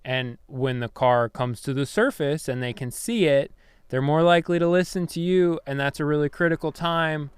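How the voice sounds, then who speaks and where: A man talking as a podcast guest, calmly explaining his work and laughing easily. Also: on the high side, moderate pace, clean tone, no room sound, clean studio sound. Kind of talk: casual chat.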